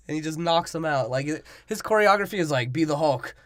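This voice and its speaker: Higher-voiced man correcting plot points. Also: expressive, brisk, a bit bright, no echo, studio quality. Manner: laughing, corrects details, mock accents in recaps. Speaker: podcast co-host. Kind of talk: casual movie breakdown chat.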